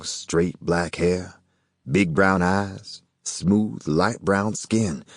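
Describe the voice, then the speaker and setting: A man reading a first-person novel aloud as an audiobook narrator, with an expressive storytelling delivery. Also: low voice, dry recording, clean studio sound.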